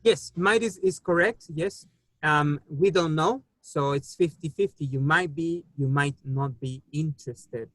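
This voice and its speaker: A native English speaker teaches an online class, guiding students through answers slowly and patiently, with lots of filler pauses. His voice is a bit bright and a little high for a man, captured close and dry with no room echo.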